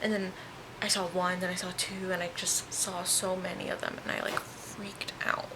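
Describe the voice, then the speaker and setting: A young woman chats casually into her camera from a hospital room, still recovering from oral surgery. Her voice has a gravelly, fried edge, and she giggles a lot between thoughts. The recording is noisy, with plenty of hiss behind her. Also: on the low side, flat delivery, moderate pace. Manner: chatty, giggly, laughs often. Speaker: vlogger. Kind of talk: casual chat.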